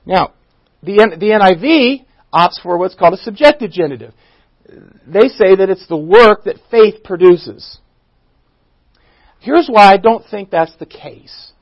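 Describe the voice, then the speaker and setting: A man's voice: high-pitched, lively intonation, a little slow, long pauses, dry recording, dull audio. A man teaching a Bible study in a church, who asks the audience questions, restarts his sentences and leans on key words. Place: church room.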